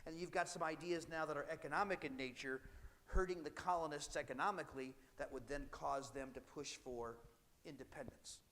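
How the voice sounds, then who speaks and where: A man's voice: fairly high pitch, a little fast, fairly bright tone, in a large hall, a little hiss or hum. A male history teacher giving a classroom lecture in a conversational way, now and then acting out historical speakers. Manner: conversational, acts out British and colonist voices.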